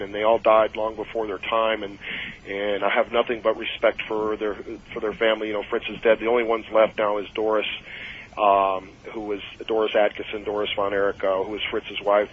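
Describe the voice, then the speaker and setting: A man telling wrestling-road anecdotes on a radio call-in show, animated and acting out the voices of the people in his stories. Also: fairly low pitch, slightly rough. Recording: dull lo-fi radio audio.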